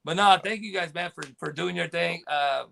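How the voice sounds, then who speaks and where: Gravelly-voiced excited man chatting. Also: on the high side, normal speed. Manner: excited, rambling fan talk. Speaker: podcast guest. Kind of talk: casual chat.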